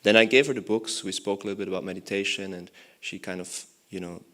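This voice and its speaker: A man's voice: low voice, steady tone, fast talker, a bit bright. A young man, a monk, giving a morning lecture in a temple, telling a story in a loose, conversational way with many "you know"s. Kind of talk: storytelling sermon.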